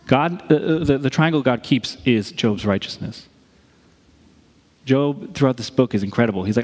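A man preaching a sermon as pastor, speaking in a lively, conversational way and acting out quoted lines. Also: medium pitch, normal speed. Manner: animated, conversational, acts out quotes. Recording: reverberant hall.

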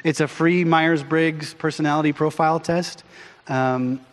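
A middle-aged pastor preaching from the pulpit in a big church, his fairly high voice ringing out with a long hall echo. He tells stories with animated energy, slipping into acted voices along the way. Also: a little slow. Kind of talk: sermon. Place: church sanctuary.

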